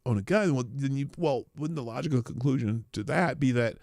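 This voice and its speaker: Speaking a little fast in a gravelly, darkish voice, a middle-aged livestream host from Omaha, Nebraska rambles through casual chat. He swears offhandedly and his pitch jumps up and down. The audio is dry and studio quality.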